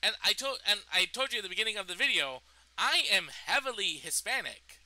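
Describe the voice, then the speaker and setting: A man's voice: sits high, lively intonation, brisk, sharp tone, no echo, poor audio. A young man in a vlog, indignantly retelling a personal story and swearing freely. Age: young adult. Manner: indignant, profane retelling of events. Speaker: vlogger.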